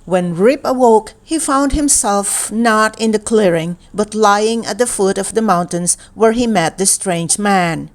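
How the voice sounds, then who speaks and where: A woman reading a children's storybook aloud at bedtime, calm and deliberate. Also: mid-range voice. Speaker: children's book reader.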